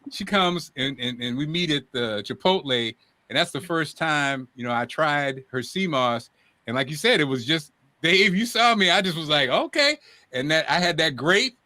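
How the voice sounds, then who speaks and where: A man hosting a morning talk show, with a high, ringing, bright voice. He tells stories in a lively, emphatic way and often circles back over his own words. The sound is close and dry. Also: no echo. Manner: lively, emphatic storyteller who repeats himself. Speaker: show host. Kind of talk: casual talk-show chat.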